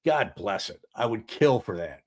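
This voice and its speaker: A middle-aged man with a fairly low voice hosts a casual live countdown show. He rambles and jokes his way through it, dropping plenty of ums and side comments along the way. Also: big pitch swings, moderate pace. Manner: chatty, jokey, rambling with many ums. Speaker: host.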